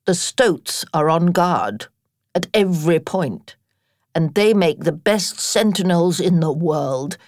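A woman's voice: on the low side, animated, takes it slowly, darkish tone, no room sound. A woman doing a grave, stern old lady badger. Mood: kindly firm. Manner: grave, dry, severe.

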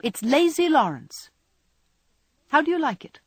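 A woman reading aloud and voicing a sharp-tongued young woman who lectures earnestly and frankly. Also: high voice, very animated, measured pace, no room sound, pitched above the performer's own voice. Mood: earnest scolding. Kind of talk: audiobook character reading.

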